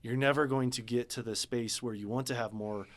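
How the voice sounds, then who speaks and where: A man speaking as a business coach guest in a podcast interview, earnest and animated when telling a story. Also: medium pitch, fairly quick. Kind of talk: casual interview talk.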